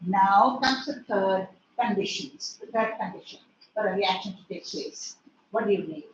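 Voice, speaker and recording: A woman's voice: medium pitch, normal speed, muffled recording. A woman chemistry teacher with an Indian English accent, lecturing an online class in a strict, scolding way and firing questions at her students. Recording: echoey room, distant mic, faint noise.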